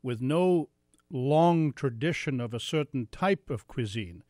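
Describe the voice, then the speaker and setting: A man's voice: medium pitch, lively intonation, measured pace, darkish tone, no room sound. A man hosting a radio show in the studio, chatty and lightly teasing with his guest. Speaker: radio host. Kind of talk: radio interview.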